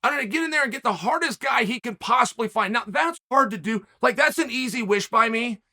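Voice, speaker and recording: A man's voice: very high voice, lively intonation, a little fast, bright, forceful tone. A man hosting his own commentary show, talking emphatically and firing rhetorical challenges at the audience. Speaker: commentator host. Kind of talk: animated solo commentary rant.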